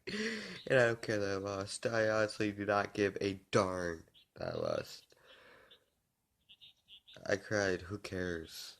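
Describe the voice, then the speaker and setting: Young man, low voice, casual reaction vlog, chatty, emotional, talks himself on. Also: very animated, slow pace, vocal fry, long pauses, fairly bright tone. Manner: chatty, self-coaxing, emotional. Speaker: gaming YouTuber.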